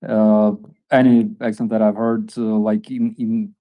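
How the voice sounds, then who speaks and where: A man on a roundtable panel, talking in a halting way with many fillers. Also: on the low side, level tone, mellow. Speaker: regular panelist. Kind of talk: casual roundtable chat.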